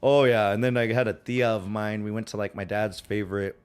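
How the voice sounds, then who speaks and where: Low-ish voiced guy w/ a western twang, rambling podcast chat, likes acting out quotes. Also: fairly even intonation, brisk, clear, resonant tone. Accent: American, Western twang. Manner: rambling, many fillers, acts out quotes. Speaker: podcast guest. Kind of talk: casual conversation.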